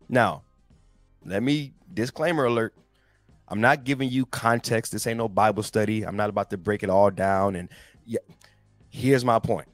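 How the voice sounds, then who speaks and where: A man's voice: medium pitch, animated, normal speed, dry recording, soft background music. A man hosting a casual motivational talk, reading scripture and speaking to listeners in slangy, emphatic bursts. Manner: slangy, emphatic, addresses listeners directly as guys. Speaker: motivational host.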